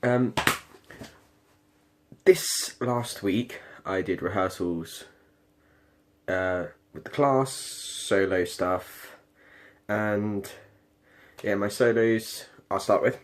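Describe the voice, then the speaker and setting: A man's voice: on the low side, extremely slow, pauses often. A young man with a British accent talking casually about his singing practice in a rambling, hesitant way. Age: late teens. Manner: rambling, hesitant, many ums and restarts. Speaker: performing arts student. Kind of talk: casual video diary.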